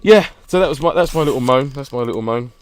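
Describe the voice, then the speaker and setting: A man chatting on a podcast, venting in a good-humoured way and laughing through it. His voice sits at an everyday middle pitch. He keeps the tone loose and playful. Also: animated, fast talker. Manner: jokey ranting, frequent laughter. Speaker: podcast co-host. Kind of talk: casual chat.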